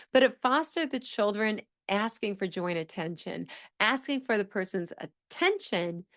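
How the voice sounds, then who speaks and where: A middle-aged woman speech-language pathologist teaching in an enthusiastic, explanatory way, acting out example phrases with exaggerated intonation. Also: mid-range voice. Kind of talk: teaching monologue.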